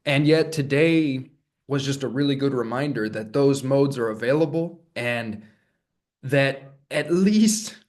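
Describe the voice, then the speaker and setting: A man talking alone in a reflective solo monologue, musing and searching, often restarting phrases and breaking into soft laughs. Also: mid-range voice. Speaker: vlogger.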